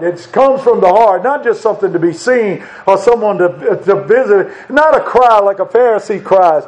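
High-voiced earnest preacher, lo-fi. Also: male voice. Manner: earnest, conversational preaching with repeated phrases. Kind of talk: sermon.

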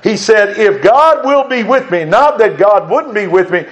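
Older male preacher, high voice, earnest and emphatic sermon delivery, muffled lo-fi recording. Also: lively intonation, moderate pace. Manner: earnest, emphatic, repeats phrases for stress.

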